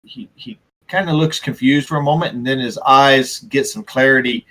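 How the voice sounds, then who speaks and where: A man narrating as game master of a tabletop game, halting often and restarting his sentences. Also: mid-range voice, a bit bright, poor audio.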